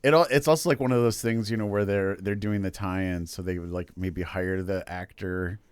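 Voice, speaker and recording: A man co-hosting a casual comedy podcast, telling a long joke with halting restarts and fillers. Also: low-pitched, fairly even intonation, clean tone, no room sound. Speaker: podcast co-host. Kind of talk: casual comedy chat, storytelling.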